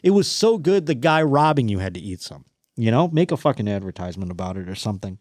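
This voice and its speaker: A man hosting a podcast in casual comedic chat, crude and animated, swearing constantly and mocking the stories he reads. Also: fairly low pitch, fast talker, dry recording, studio quality. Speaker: podcast host.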